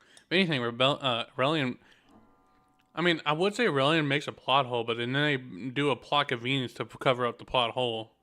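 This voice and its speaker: A man ranting casually about a game's writing on stream, tripping over his words and restarting his sentences. His voice is bright and clear, at a middle pitch. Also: fairly quick. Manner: rambling, trips over words and restarts, swears; talks while eating. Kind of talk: casual gameplay rant.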